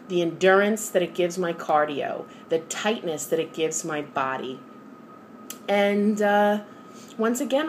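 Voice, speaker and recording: A woman's voice: lowish voice, slight background noise. A middle-aged woman with a New York accent, talking candidly and earnestly in a personal vlog, giving motivational encouragement to her viewers. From New York area. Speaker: vlogger.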